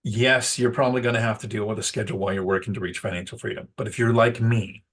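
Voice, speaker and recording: A man's voice: lowish voice, fairly even intonation, fast talker, fairly bright tone. Rambling man vlogging. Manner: rambling and self-deprecating, loses his words. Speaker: real estate investor vlogger. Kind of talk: casual talking-head vlog.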